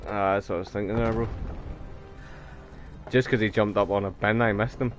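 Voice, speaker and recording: A man's voice: lowish voice, fairly even intonation, normal speed, soft background music. A young man chatting casually during an online game, laid-back with brief remarks. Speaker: gaming friend. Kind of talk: casual chat while gaming.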